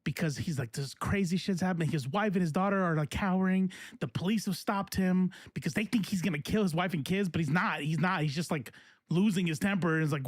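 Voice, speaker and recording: A man's voice: high voice, brisk, no room sound, clean studio sound. A man hosting casual political commentary, talking in a rambling, profane way with many fillers and restarts. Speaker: host.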